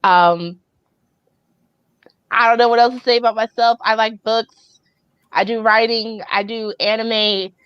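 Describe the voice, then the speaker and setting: A woman's voice: fairly high pitch, fairly even intonation, measured pace, long pauses, smooth, no echo. A woman co-host in casual chat over a video call, making brief quips. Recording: dull lo-fi mic.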